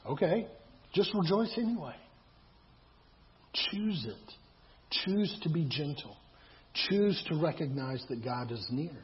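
A man's voice: a little high, animated, slow, long pauses. A man preaching a sermon in a conversational way, repeating himself and asking rhetorical questions. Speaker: pastor. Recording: dull lo-fi sound.

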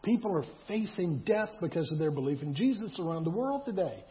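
A man's voice: a little high, lively intonation, brisk. A man preaching a sermon in a conversational way, repeating himself and asking rhetorical questions. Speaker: pastor. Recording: dull lo-fi sound.

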